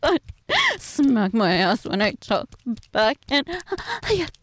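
A woman voicing a submissive, flustered young housewife in an adult audio role-play, breathy and pleading. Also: a little high, very animated, slow, slight background noise. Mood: aroused.

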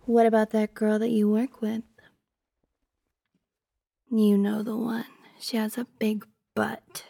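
Young woman doing a possessive girlfriend role-play; higher voice, pouty and teasing, dry close sound. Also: flat delivery, slow pace, gravelly, slightly rough, no room sound, heavily acted. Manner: pouty, teasing, drifting into soft whispers.

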